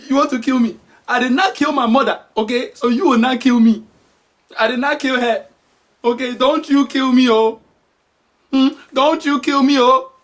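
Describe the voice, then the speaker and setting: A man voicing a strict, quick-tempered African mother who scolds with rapid accusing questions. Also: very high-pitched, voice pushed up.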